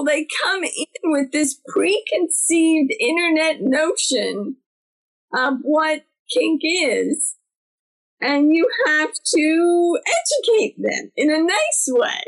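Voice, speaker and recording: A middle-aged woman from New Jersey talks casually as a podcast co-host, her fairly high voice leaping up when she acts out what people said. She tells stories with lively, animated energy. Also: low-quality recording. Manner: animated storyteller, acts out quotes with big pitch jumps. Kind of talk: casual chat.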